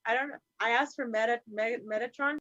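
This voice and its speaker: A woman's voice: fairly high pitch, fairly even intonation, fast, fairly bright tone, no echo. Laid-back woman host, dry lo-fi sound. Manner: casual, profane, laughs easily. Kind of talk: casual chat on a live stream. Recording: dry, dull lo-fi call audio.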